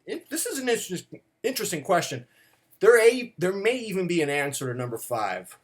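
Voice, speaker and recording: A middle-aged man talking to his viewers in a wry, self-mocking way, with sudden dramatic swings in pitch. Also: sing-song, fairly quick. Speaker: watch vlogger. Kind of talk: casual monologue to camera.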